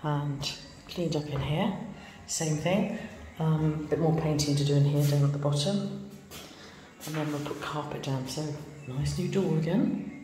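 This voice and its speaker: Brief: wry, chatty woman, a bit tired, handheld vlog in bare rooms with long reverb and steady background noise. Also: low-pitched, a little slow. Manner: chatty, wry, self-deprecating. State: a little tired. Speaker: vlogger renovating a bungalow. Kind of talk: casual home renovation vlog. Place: empty bungalow under renovation, indoors.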